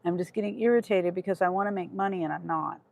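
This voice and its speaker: A woman's voice: fairly low pitch, quick pace, gravelly, a little mellow. A woman in Kansas chatting on a casual livestream about her gig driving, reading her chat and talking in a short-tempered, trailing way. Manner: talks to chat, irritated, trailing off. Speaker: livestreaming gig delivery driver.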